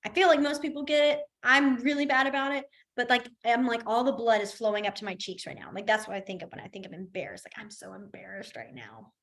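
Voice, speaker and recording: A woman's voice: a little high, fairly even intonation, quick pace, few pauses, fairly bright tone. A woman teaching a beginners' class in a casual, chatty way, explaining with everyday examples and laughing easily. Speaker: sign language instructor.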